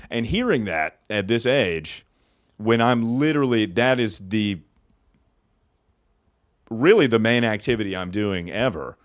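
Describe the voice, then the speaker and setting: A young man hosting a comedy podcast, riffing casually and laughing often between loud bits and mumbled asides. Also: mid-range voice, lively intonation, unhurried, long pauses, no room sound, clean studio sound. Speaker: podcast host.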